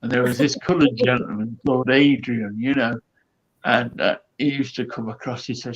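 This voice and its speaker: Speaking at a moderate pace in a steady, mid-range voice, this older man is a comedian guest sharing chatty stories. He acts out the voices of the people he quotes, and the audio has a dull, lo-fi quality.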